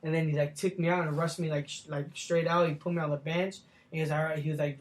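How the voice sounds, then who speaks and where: A man's voice: a little high, level tone, fast. A young man, a professional boxer, telling stories in a casual sit-down interview, talking loosely with lots of slang and swearing. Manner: loose slangy talk, full of "like" and "bro", swears freely.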